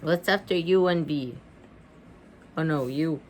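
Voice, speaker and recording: A woman reading a picture book aloud with animated, chatty asides, gasping and laughing as she goes. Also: sits low, unhurried, a little hiss or hum. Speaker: reader.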